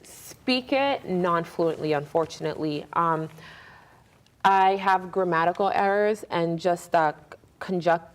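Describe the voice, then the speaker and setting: A woman's voice: fairly low pitch, measured pace. A young woman from Congo, a guest in a casual interview, telling stories and acting out family conversations. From Democratic Republic of Congo. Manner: animated storyteller, acts out family dialogue.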